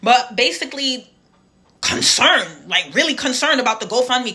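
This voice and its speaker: A woman telling a personal story in a casual, animated, slang-filled way. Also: on the high side, normal speed.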